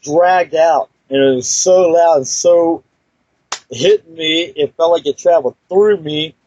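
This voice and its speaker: A man's voice: a little high, a little mellow, husky, no echo. A man telling a personal story in a casual, rambling way, with many fillers and restarts. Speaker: guest storyteller. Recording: dull lo-fi recording, dry.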